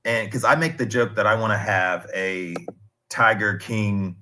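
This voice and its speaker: A man's voice: on the low side, fairly even intonation, measured pace, sharp tone, slight background noise. A man in his thirties chatting casually on a stream, telling rambling, digressive stories with restarts. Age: 30s.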